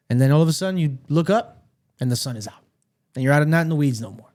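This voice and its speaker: A man co-hosting a podcast, telling stories in an animated, profane, casual way. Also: on the high side, quick pace. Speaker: podcast co-host. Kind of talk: casual chat.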